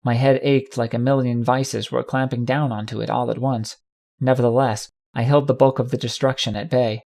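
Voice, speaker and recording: Man, audiobook narrator, dramatic steady telling, mid pitch. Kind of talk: first-person fanfiction audiobook reading.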